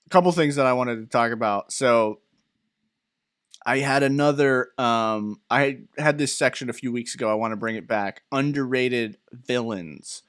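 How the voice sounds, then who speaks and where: A young man in his twenties co-hosting a podcast, telling rambling, animated stories with fillers and laughs. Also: medium pitch, normal speed, clear, resonant tone, dry recording, clean studio sound. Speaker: podcast co-host. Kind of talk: casual chat.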